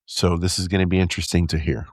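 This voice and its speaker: A man hosting a podcast, chatting casually in an animated, jokey and slangy way. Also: deep voice, quick pace, no echo, clean studio sound. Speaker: podcast host. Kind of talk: casual chat.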